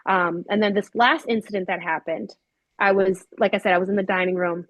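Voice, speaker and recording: Woman, casual storyteller with lots of ums, lively quoted voices, dry recording. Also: medium pitch, a little fast, no echo, rough recording. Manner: animated, acts out quoted voices with many fillers. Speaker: paranormal investigator.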